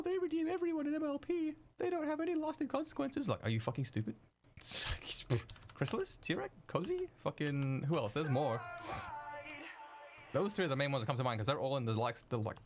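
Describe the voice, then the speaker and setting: A young man streaming while he edits video, chatting casually with viewers, excitable and swearing freely. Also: medium pitch, a little hiss or hum. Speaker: streamer editing video live. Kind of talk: casual live-stream chat.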